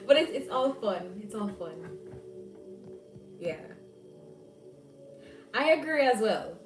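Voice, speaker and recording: Jamaican woman hosting a live chat, lively and laughing, roomy echo, sits back from mic, faint music. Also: medium pitch, measured pace, long pauses, recorded from a distance. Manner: animated, laughing, banters with viewers. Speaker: livestream host. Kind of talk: casual chat reading live comments.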